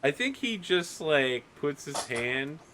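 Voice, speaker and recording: A man's voice: a little high, slow, a little hiss or hum. A young man casually narrating a tabletop game as game master. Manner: casual, relaxed narration with filler words.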